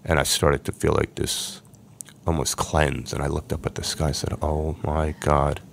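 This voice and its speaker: A man's voice: a bass voice, little pitch movement, normal speed, vocal fry, slight background noise. A middle-aged man earnestly telling an emotional personal story as a podcast guest.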